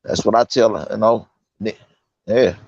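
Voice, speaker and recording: A man's voice: fairly low pitch, moderate pace, gravelly, darkish tone, husky, no room sound. An incarcerated man from California talking casually with earnest insistence, heavy with street slang and fillers. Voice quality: loose street slang, fillers like "you know what I'm saying". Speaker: incarcerated guest. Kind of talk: casual conversation. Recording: dull lo-fi sound.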